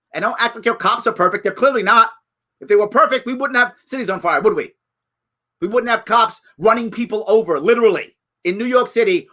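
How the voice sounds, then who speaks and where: A middle-aged man hosts a live show in a high, sharp-toned voice. His commentary is emphatic and repetitive, swinging between pleading and scolding.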